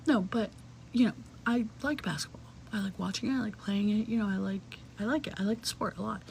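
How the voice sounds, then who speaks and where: A young woman spins a casual story with a vocal-fry rasp at the bottom of her middle-pitched voice. She chatters, leans on "like" and swears freely, and often drops into a hushed, breathy half-whisper. Faint noise hangs under the voice. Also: fairly quick, rough recording. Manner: chatty, many "like" fillers, profane, slips into whispery asides.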